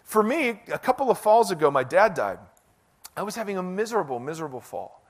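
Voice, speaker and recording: A middle-aged male pastor preaching a sermon in a conversational, self-deprecating, animated way. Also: high voice, brisk.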